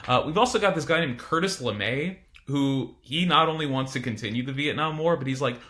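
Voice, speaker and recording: A man's voice: mid-range voice, fairly quick, hardly any pauses, sharp tone. A man teaching a casual recorded history lecture, informal and chatty with frequent asides.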